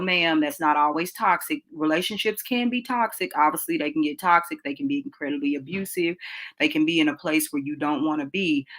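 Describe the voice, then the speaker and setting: A woman's voice: low voice, fairly bright tone. A woman runs a live relationship class. She talks in a chatty, direct way, calling her listeners y'all and asking them to type into the chat. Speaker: podcast host teaching a relationship class. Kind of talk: casual live-class teaching.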